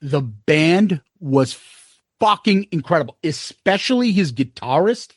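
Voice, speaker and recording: Man, high voice, casual podcast chat, rambling, swears a lot, dry room. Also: expressive, unhurried, husky, no echo. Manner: rambling storyteller, lots of swearing and quoted asides. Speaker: podcast co-host.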